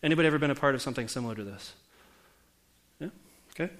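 Speaking at rapid-fire speed with a fairly bright, medium-pitched voice, this forty-something pastor preaches a conversational sermon in church. He keeps posing questions to the congregation.

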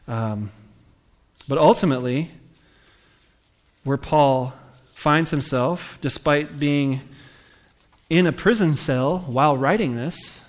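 A male pastor delivers a sermon in a relaxed, conversational manner. He puts questions to the congregation and leans into the scripture he reads aloud, his voice lifting on the verses. His pitch sits in a middle range for a man.

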